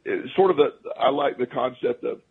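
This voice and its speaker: Male radio guest, raspy and gravelly, loose rambling storyteller, phone-quality audio. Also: medium pitch, normal speed. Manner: rambling, restarts often, chuckles at his own stories. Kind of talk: casual storytelling on a talk radio show. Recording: phone-line radio call.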